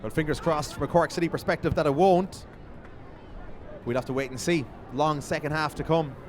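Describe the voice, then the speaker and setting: Man calling football play-by-play. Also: a little high. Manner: brisk calling of player names. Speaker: play-by-play commentator. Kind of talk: fan match commentary. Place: outdoor football stadium. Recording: outdoor stadium ambience, faint noise.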